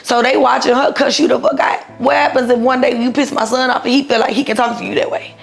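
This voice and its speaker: A woman in her thirties tells a story in a blunt, profane, animated way, voicing each person she quotes. Her voice sits a little high and has a gravelly, fried edge. Faint music plays behind her. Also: fast talker. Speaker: guest telling her own story. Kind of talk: casual storytelling.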